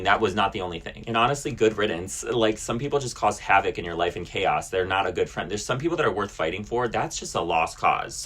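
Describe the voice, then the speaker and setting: A man with a low, husky voice tells a storytime rant straight to camera. He is blunt and indignant, swears freely and leans on "like" as a filler. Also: fairly bright tone. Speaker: vlogger.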